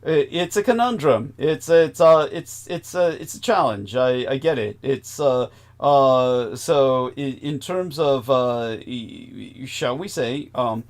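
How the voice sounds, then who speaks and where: A man's voice: mid-range voice, animated, slow, hardly any pauses. A man hosting a podcast, hesitant and stammering with many uhs. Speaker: podcast host. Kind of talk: casual podcast chat.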